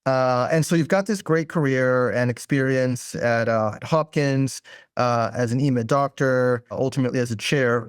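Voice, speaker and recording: A man's voice: mid-range voice, no room sound, studio quality. A man from Israel hosting an interview podcast, asking questions in a conversational, slightly hesitant way. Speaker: podcast host.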